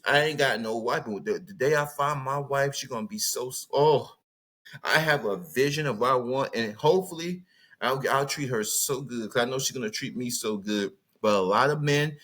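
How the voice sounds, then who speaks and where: A man's voice: medium pitch, a bit bright. A man from California with a Southern US accent, hosting a podcast in an emphatic, repetitive, preachy monologue. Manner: emphatic, repetitive, rants with bursts of laughter. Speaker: podcast host.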